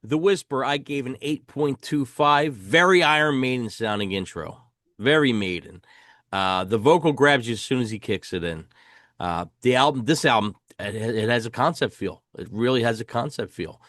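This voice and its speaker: A man's voice: mid-range voice, animated, moderate pace, a bit bright, dry recording, clean studio sound. A man hosting a casual album review chat, enthusiastic and swearing casually as he hands rankings to his co-host. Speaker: podcast host.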